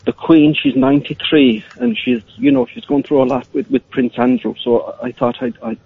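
A man's voice: extremely high pitch, huge pitch swings, moderate pace, exaggerated voice. A man putting on a stammering fake-Irish caller. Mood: earnest. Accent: put-on Irish. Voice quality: stammering, gravelly. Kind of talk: prank call to a radio phone-in. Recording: muffled phone-in line.

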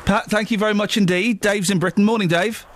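A man's voice: high voice, fairly even intonation, fairly quick, a bit bright, slight background noise. A man hosting a radio phone-in, teasing callers with repeated questions.

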